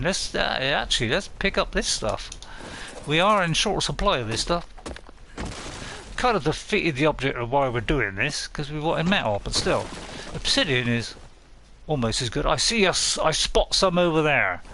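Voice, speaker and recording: A man's voice: mid-range voice, bright, forceful tone, slight background noise. A man chatting casually on a live game stream, playful and rambling, laughing often.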